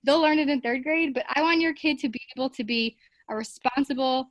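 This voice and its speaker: Chatty woman teacher, bright voice. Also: sits high, a little fast, no room sound. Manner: chatty, many fillers, acts out classroom voices. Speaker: teacher guest. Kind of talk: casual interview chat.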